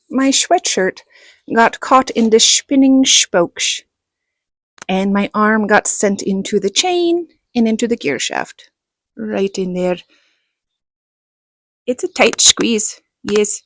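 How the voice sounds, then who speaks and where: A middle-aged woman telling a personal story in a casual vlog, animated and laughing, acting out what others said. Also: medium pitch, no echo. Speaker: vlogger.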